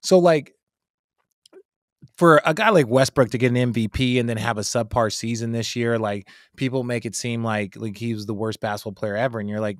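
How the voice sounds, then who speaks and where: A man's voice: mid-range voice, steady tone, fairly quick, dry recording, studio quality. A man in his forties, a guest analyst in a casual podcast chat, talking emphatically and swearing freely.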